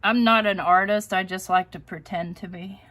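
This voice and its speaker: A woman's voice: mid-range voice, steady tone, moderate pace, a bit bright. A woman hosting a casual live crafting stream, chatty and self-deprecating, often laughing at herself. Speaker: crafting channel host.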